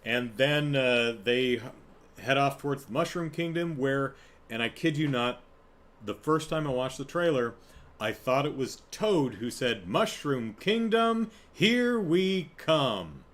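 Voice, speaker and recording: Speaking a little slowly, this man has a medium-pitched, slightly bright voice. He's a podcast host chatting loosely through a review on his own, interrupting himself with laughter and performing quotes as he goes.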